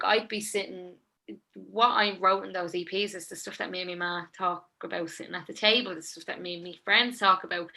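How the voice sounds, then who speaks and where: A woman's voice: medium pitch, bright, forceful tone. A young woman with a Dublin accent, talking casually and at length as a guest in an interview, with many fillers. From Ireland. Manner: chatty, rambling, lots of fillers. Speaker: songwriter and guest.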